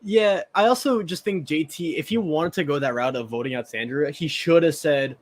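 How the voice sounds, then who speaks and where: A man's voice: a little high, moderate pace, few pauses. A man with a Southern American accent co-hosting a podcast, chatting casually and often repeating words as he starts a sentence. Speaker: podcast co-host. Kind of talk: casual chat.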